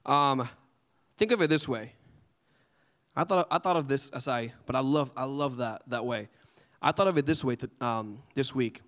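A man leading a group Bible study in a casual, animated way, often asking the group questions. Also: medium pitch, moderate pace.

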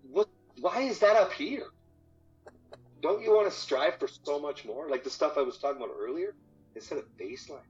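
The voice belongs to a man, a marriage coach guesting on a podcast, pitched a little high with lively intonation and a moderate pace. Talking about marriage, he's loose and energetic, swearing freely and repeating words. Faint music sits under the dull lo-fi audio.

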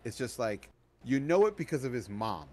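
A man's voice: mid-range voice, big pitch swings, normal speed, a little mellow. A man talks through his take on a film in loose, casual podcast chat. He keeps stopping and restarting mid-thought, padding his sentences with ums and likes, in an ordinary mid-range voice. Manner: rambling, many restarts and fillers. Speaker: podcast co-host. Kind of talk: casual movie review chat.

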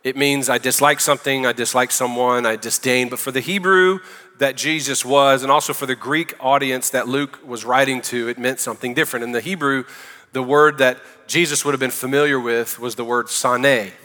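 Southern guy preaching, casual jokey sermon, bright punchy voice, big echoey church hall. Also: mid-range voice, steady tone, moderate pace. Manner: conversational with joking asides. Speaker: pastor. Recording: long hall reverb.

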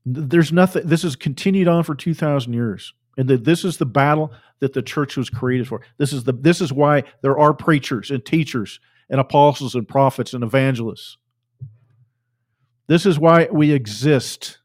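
A man's voice: fairly high pitch, moderate pace, a little mellow. A man preaching a fiery sermon, fervent and emphatic, repeating phrases for force.

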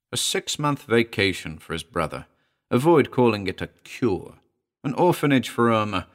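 A man narrating a short horror story in a dramatic reading, moving between hushed and urgent delivery. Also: on the low side.

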